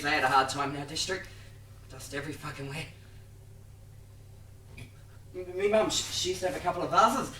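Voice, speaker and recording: An actor playing a naive young Australian country soldier with a blunt, crude way of talking, in a stage play heard from far off. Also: male voice, medium pitch, bright, forceful tone, close to an everyday voice. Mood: reflective. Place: theatre stage. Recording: roomy theatre sound from far off, faint noise.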